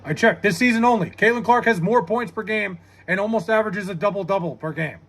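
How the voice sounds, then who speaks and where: A young man live-streams and argues hotly with his chat, swearing freely as he makes his case. His voice sits high for a man and has a husky edge. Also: fast talker, fairly bright tone. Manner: heated, argumentative, swears a lot.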